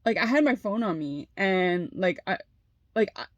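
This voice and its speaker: A woman's voice: medium pitch, animated, normal speed, no echo, highs cut off. A young adult woman telling a personal story in a casual monologue, heated, with lots of "like" and frequent swearing. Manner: heated, fills talk with "like" and swears freely.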